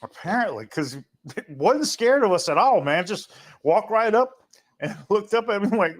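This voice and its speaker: A man in animated casual conversation who tells stories and laughs often. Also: high-pitched, measured pace. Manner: animated storyteller, laughs a lot. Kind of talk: casual chat.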